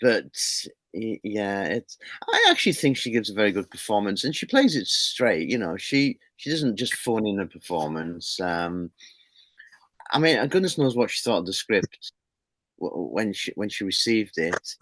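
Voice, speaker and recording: A man's voice: on the low side, big pitch swings, moderate pace, a bit bright, no echo. A middle-aged man, a horror magazine publisher, chatting as an interview guest with an enthusiastic, rambling manner and frequent restarts. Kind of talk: casual interview chat.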